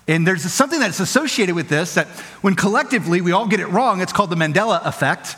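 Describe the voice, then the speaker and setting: A man preaching as a pastor, conversational and playful, quickly acting out little quoted voices. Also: high voice, lively intonation, a bit bright, long reverb tail. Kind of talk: sermon. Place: church auditorium.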